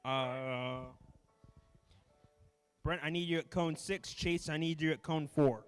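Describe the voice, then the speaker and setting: A man directing races at an indoor RC car track, briskly calling out driver names, heats and cone positions. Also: fairly high pitch, clean tone, soft background music. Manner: brisk, practical, calls names in quick lists. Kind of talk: announcing driver lineups over a track PA.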